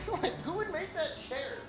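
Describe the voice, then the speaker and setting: A man's voice: very high-pitched, expressive, a little slow, loud music behind the voice. A man streaming a game, chatting casually and jokingly, rambling with lots of "like" fillers. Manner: rambling, heavy use of "like", joking. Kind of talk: casual chat while gaming.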